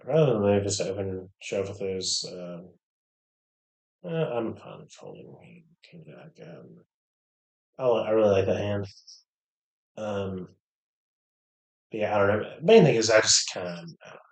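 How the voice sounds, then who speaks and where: A man casually commenting on his own online poker game, thinking aloud with many hesitations and low mutters. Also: lively intonation, measured pace, pauses often, reverberant. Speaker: poker streamer.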